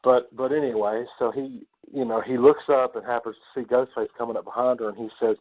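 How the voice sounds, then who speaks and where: A man hosting a podcast, retelling a film scene in a casual, profane, animated way. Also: medium pitch, a little fast. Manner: swears a lot, animated retelling. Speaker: podcast host. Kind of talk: casual movie discussion. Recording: tinny phone-like lo-fi audio.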